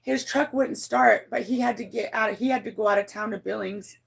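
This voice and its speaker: A woman's voice: brisk, vocal fry, slightly rough. A woman livestreaming to her chat, telling a personal story in a rambling, blunt way, swearing freely and often restarting her sentences. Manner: emotional, voice climbs high when moved.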